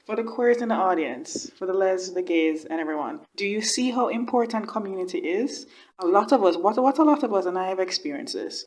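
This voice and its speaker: A woman hosting a reaction video, chatting casually and emotionally, often exclaiming and repeating words for emphasis. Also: medium pitch.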